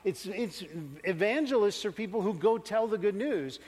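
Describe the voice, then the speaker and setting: A man's voice: sits high, expressive, moderate pace, a little mellow, breathy edge. A man preaching a sermon, telling a personal story and acting out his younger self. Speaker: pastor. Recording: church hall reverb.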